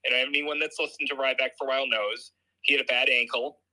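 Man, podcast co-host, casual storytelling, very sharp bright voice. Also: medium pitch, steady tone, fast talker, poor audio. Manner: explains at length, agrees often.

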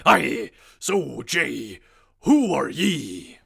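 A man voicing a gruff, boastful male pirate captain while hosting a podcast, growling his words in a comedic pirate role-play. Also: fairly high pitch, very animated, drawn-out words, fairly bright tone, exaggerated voice. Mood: jovial. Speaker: podcast host.

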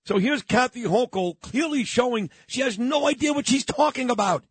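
Combative husky male radio host. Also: extremely high pitch, expressive, normal speed, no room sound. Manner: combative, sarcastic, insulting. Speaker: radio talk show host. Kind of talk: opinionated talk radio monologue. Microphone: studio microphone.

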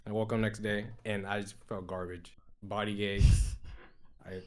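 A man calling in to a talk show, telling a rambling story loudly and eagerly. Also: on the low side, flat delivery, a little slow. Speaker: caller. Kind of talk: casual call-in chat.

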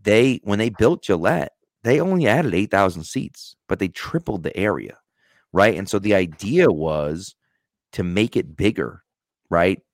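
Male podcast co-host, low voice, relaxed explainer, dry close recording. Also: unhurried, no room sound. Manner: relaxed, explains things, says "right?" often. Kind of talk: casual chat.

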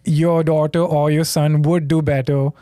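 A comedian from India, a guest on a podcast, talking in a relaxed, measured way. His voice sits a bit high. The sound is close and dry. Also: smooth, no echo. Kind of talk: casual podcast chat.

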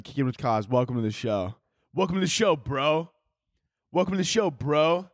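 A man's voice: fairly high pitch, lively intonation, normal speed, dry recording. Rambling crude man, dry close sound. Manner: rambling, self-interrupting, crude jokes. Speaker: podcast host. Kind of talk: crude comedic rambling monologue. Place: home, downstairs by a Christmas tree.

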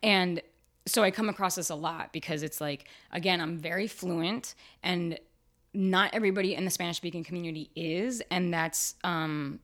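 Woman, interview guest, casual and frank, lots of "like", slightly low pitch. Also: normal speed, fairly bright tone. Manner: chatty and frank, fillers like "like", jumps high when quoting herself. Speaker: actor and writer, podcast guest.

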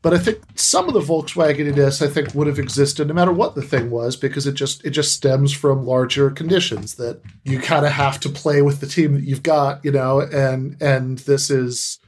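A man speaking as a guest on a political podcast, halting and reaching for analogies. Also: mid-range voice, fairly even intonation. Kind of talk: casual political chat.

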